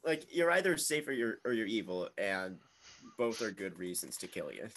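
A man's voice: lowish voice, sing-song, normal speed, fairly bright tone. A man playing a social deduction game, laying out his arguments point by point in casual discussion.

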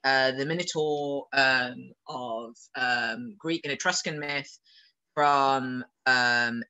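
A man giving a casual online lecture as a guest speaker, hesitating often and filling pauses with "um" and "like". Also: a little high, sharp tone, poor audio. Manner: hesitant, frequent "um" and "like".

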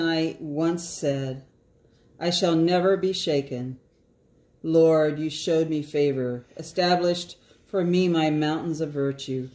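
A woman reading psalms aloud in an earnest, deliberate way. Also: low voice, mellow. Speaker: scripture reader. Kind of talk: slow prayerful reading of psalms. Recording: echoey room.

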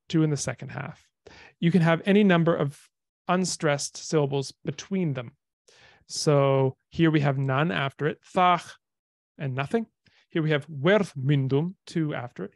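Guy lecturing on a video call, kinda high voice, talks it through with lots of ums, dry close sound. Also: vocal fry, no echo. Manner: chatty, thinks aloud with fillers and restarts. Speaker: lecturer on dead languages. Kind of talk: online talk with slides.

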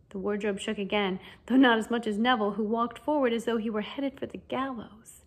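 A woman narrating a fan audiobook reading in an expressive storytelling manner. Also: fairly high pitch, fairly quick, few pauses.

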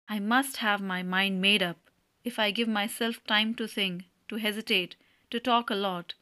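A woman's voice: medium pitch, sharp tone, natural voice. A woman reading the part of a nervous male landowner who stumbles over his words while proposing. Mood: jittery.

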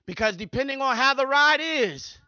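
High bright-voiced preaching pastor. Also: male voice, expressive, normal speed, dry recording, lo-fi sound. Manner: preaching with repeated rhythmic phrases. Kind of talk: sermon.

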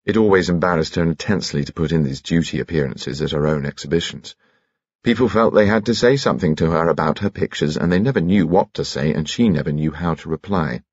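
A man narrating an audiobook in an expressive, measured way, recorded close on a studio microphone. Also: extremely low pitch, breathy edge, no room sound, muffled recording. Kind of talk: scripted narration.

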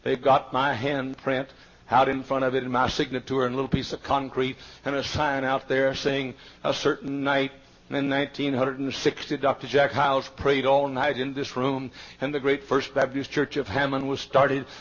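An older man with a Southern American accent preaches a sermon, telling a story in hushed tones before rising to shouted peaks. His voice is husky and rough. The recording is a muffled, lo-fi archival tape. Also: mid-range voice, completely flat delivery, normal speed. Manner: storytelling preacher who swings from hushed asides to shouting climaxes. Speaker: pastor.

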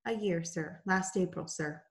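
A woman's voice: lowish voice, unhurried, creaky. A woman reading the lines of a young mill girl who answers politely and deferentially. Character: young female mill girl, timid but spirited.

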